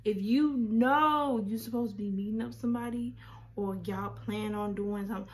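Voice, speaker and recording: A woman telling a storytime vlog, animated and incredulous, firing off rhetorical questions, repeating words and dropping to near-whispers for asides. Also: mid-range voice, normal speed. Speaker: vlogger.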